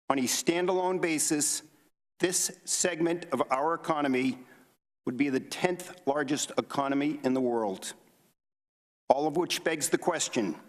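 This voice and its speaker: Man, committee member, formal opening statement, reads statistics, slightly high voice, reverberant hearing room.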